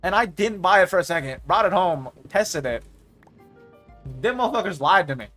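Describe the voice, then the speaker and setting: A man's voice: high voice, lively intonation, moderate pace, fairly bright tone, soft background music. Exasperated young man ranting on stream. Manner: exasperated, swears freely, quotes people in mocking voices. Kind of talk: casual ranting chat.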